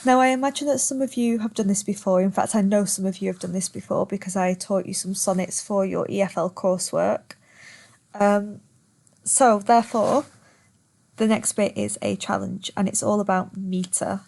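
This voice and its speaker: A woman's voice: mid-range voice, steady tone, normal speed, vocal fry, a little mellow. Patient woman teaching online. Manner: patient, explains step by step, stretches words to show stress. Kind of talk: recorded online lesson.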